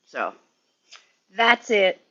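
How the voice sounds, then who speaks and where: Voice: medium pitch, very animated, extremely slow, bright, forceful tone, slightly rough, muffled recording. A sleepy, yawning streamer rambling and swearing in casual chat with viewers while working in a garage. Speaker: livestreamer.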